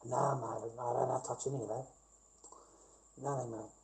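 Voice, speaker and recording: A man's voice: medium pitch, steady tone, moderate pace, creaky, a little mellow, a little hiss or hum, low-quality recording. An Australian man in a rambling casual livestream chat with viewers, blunt and profane, ranting and laughing things off, speaking into a webcam in front of his screen.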